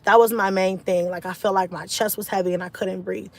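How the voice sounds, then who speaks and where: A stressed woman telling a personal story to her live stream viewers in a candid, animated way, swearing freely and filling her talk with "like" and "you know.". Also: medium pitch, a little fast, creaky. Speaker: vlogger talking to a live stream audience. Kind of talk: casual storytelling.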